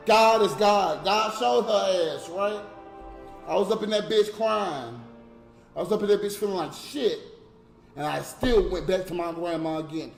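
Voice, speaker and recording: A man's voice: sits high, normal speed, creaky, roomy sound, soft background music. A man telling an emotional personal story in a repetitive, profane, impassioned way, urging listeners not to give up.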